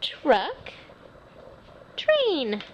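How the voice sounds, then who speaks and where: A mother reading a picture book to a toddler at home, naming each word slowly and coaxing the child to repeat it. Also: sits high, huge pitch swings, dull audio. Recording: noisy home video.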